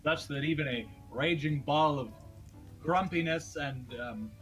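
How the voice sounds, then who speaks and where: A man's voice: fairly high pitch, a little slow, fairly bright tone, faint music behind. A man playing a tabletop game, wry and chatty, slipping into polite in-character talk. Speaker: player. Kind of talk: casual tabletop play.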